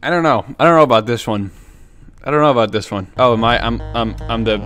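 A young man streaming a game, jumping from mutters to excited shouts as he plays. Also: mid-range voice, quick pace. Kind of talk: excitable let's-play commentary. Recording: game music under the voice. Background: game music.

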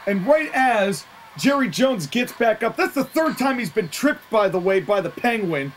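Excitable play-by-play wrestling voice, partisan, laughs easily, mid-pitched, noisy recording. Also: moderate pace. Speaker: wrestling commentator.

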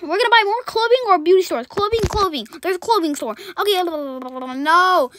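A woman giving rapid, rambling, excitable commentary while playing a video game. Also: very high-pitched, a little hiss or hum. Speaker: gaming channel host. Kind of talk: gameplay commentary.

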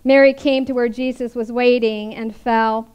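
A woman's voice: on the high side, steady tone, moderate pace, darkish tone, clear, resonant tone, highs cut off. A woman preacher giving a sermon, reading scripture aloud and then commenting on it in a chatty way, often ending with tag questions.

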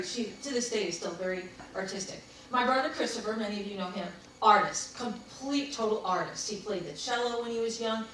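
Speaking at a medium pitch with a slightly bright tone, this woman runs a relaxed group workshop in a meeting room, full of anecdotes, laughter and prompts for the group to talk it over. The room is very echoey, she's far from the mic, and faint hiss sits underneath.

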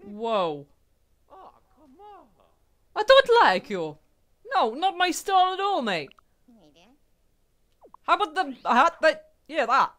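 A young woman giving casual, excitable commentary while playing a video game, swearing freely and talking back to the characters. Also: high voice, slow, pauses often. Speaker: let's play gamer.

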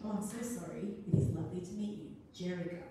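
A woman reading aloud and voicing a sweet, elderly nun with a bright greeting voice, in an echoey room from a distance. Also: lowish voice, quick pace, a little hiss or hum, close to an everyday voice.

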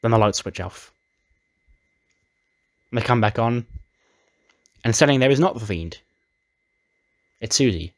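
A man narrates a wrestling game story in a casual, chatty way. His voice sits low, and he retells events with animated energy. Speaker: let's play narrator.

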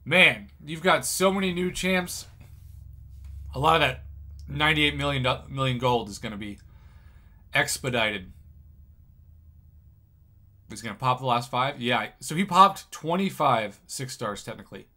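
A man commentating on someone else's game crystal openings, excitable and jokey, with sudden loud bursts of surprise. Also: mid-range voice, unhurried, long pauses. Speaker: gaming commentator.

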